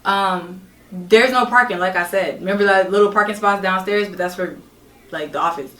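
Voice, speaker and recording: Bright-voiced woman telling a story, roomy echo. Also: medium pitch, normal speed. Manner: animated, profane, emphatic. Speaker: podcast guest. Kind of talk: casual storytelling. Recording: roomy echo, distant mic.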